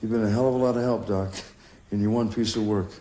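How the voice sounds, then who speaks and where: A man's voice: fairly low pitch, steady tone, fast, warm tone, close to an everyday voice. An actor playing a blunt, skeptical male investigator, from an old film soundtrack. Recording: echoey noisy film audio.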